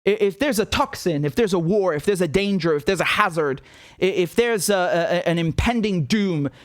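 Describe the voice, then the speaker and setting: Male host, high-pitched, furious profane rant, dry close mic. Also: animated, normal speed, no room sound. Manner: angry, ranting, profane, repetitive. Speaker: political commentator host. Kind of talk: impassioned monologue.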